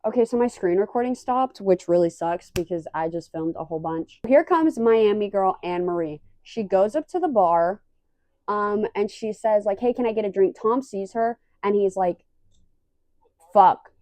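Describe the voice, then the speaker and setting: A woman's voice: medium pitch, moderate pace, dry recording. Chatty young woman recapping reality TV. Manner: animated, acts out quoted lines loudly. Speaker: recap vlogger.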